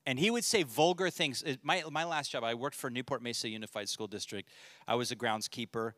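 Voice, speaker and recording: A man's voice: medium pitch, brisk, a bit bright, no echo, studio quality. A man, a pastor, giving a casual, joking Bible teaching to a men's study group and reading scripture aloud.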